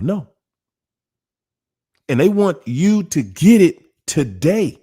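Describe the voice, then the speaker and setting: A man's voice: mid-range voice, wildly swooping pitch, slow pace, pauses often, warm tone, slightly rough. A man, hosting a casual monologue about relationships in an emphatic, repetitive, preachy way. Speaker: host.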